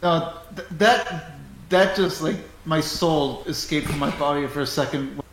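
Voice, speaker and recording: A man in casual chat, breaking in with halting, exasperated remarks. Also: a little high, a crowd in the background. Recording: echoey room.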